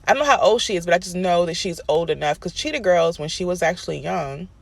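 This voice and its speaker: A man's voice: high voice, fast, creaky. A man giving a casual, sassy recap rant of a TV episode, telling it in an exasperated, chatty way. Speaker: TV recap commentator.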